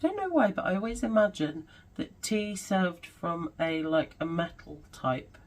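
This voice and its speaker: A woman's voice: on the low side, lively intonation, normal speed, poor audio. A woman at her home crafting table, gushing and musing aloud as she chats casually through her craft supplies. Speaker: craft vlogger.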